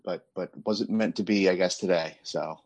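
Laid back podcast cohost guy, lowish voice, stumbles over his words a lot. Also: normal speed, darkish tone, a little hiss or hum. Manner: stammering, easygoing. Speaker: podcast co-host. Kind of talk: casual banter.

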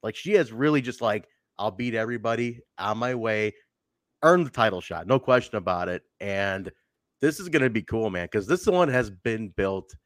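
A man's voice: fairly low pitch, normal speed, no room sound. A man hosting a podcast in casual chat, joking and teasing his co-host. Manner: joking, animated, playful teasing.

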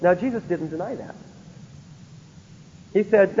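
A man with a gravelly, somewhat high voice delivers a Bible lecture, often pausing to ask rhetorical questions. The recording is dull and lo-fi, with a long hall reverb and a faint hum of ambience behind him. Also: animated, warm tone. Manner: keeps checking in with rhetorical questions. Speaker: Bible teacher.

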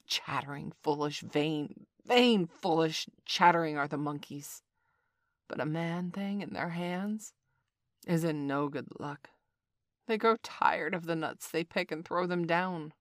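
Huge male python, slow and deliberate, with a low menace, as a woman voices him; a storybook reading. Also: no room sound, clean studio sound. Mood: scornful.

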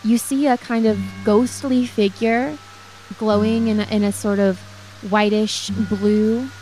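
A woman with a fairly high voice runs a tabletop game as game master. She describes each scene with frequent restarts and speaks to the player by name. Clear background noise runs under the recording. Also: fairly even intonation, measured pace, warm tone, poor audio.

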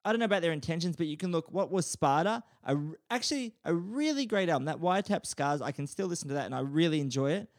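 A man's voice: fairly high pitch, expressive, quick pace, few pauses. Rambling podcast co-host, a man. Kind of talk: casual chat.

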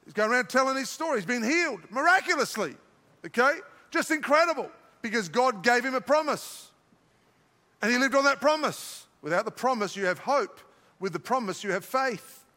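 Older Australian pastor, high bright voice. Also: male voice, expressive, normal speed, long reverb tail. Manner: joking, self-mocking asides. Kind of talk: sermon. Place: large church auditorium.

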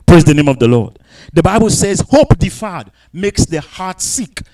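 A man preaching a sermon, dropping to quiet asides and rising to loud, drawn-out scripture readings, asking the congregation to answer back. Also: high voice, sing-song, low-quality recording. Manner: calls out to the congregation for responses.

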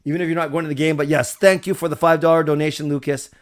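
A man's voice: on the high side, flat delivery, very fast. A man hosting a casual live stream, chatty and rambling, thanking viewers as he goes. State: recovered from a cold. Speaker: livestream host.

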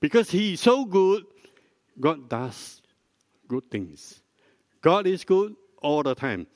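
An older man preaches a sermon in a slightly raised voice, teaching at an unhurried pace and drawing the congregation in with questions. His voice is close and dry on the mic, with a long hall reverb trailing behind it in the church. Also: a little high, big pitch swings. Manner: slow, deliberate teaching, prompting the congregation with questions. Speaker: pastor.

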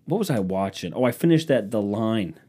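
A man's voice: lowish voice, lively intonation, brisk, dark tone, husky. Rambling, profane male podcast host. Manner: rambling, profane, scatterbrained, mocking voices for quotes. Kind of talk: casual solo podcast storytelling.

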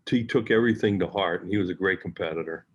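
Older man with a low husky voice. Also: fast talker. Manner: storytelling, acts out quotes. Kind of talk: reminiscing conversation. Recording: dull lo-fi audio.

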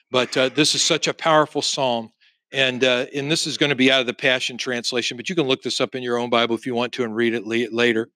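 A man's voice: mid-range voice, pushed and bright, no room sound. A male pastor preaching a sermon, reading scripture aloud and building emphasis through repeated refrains.

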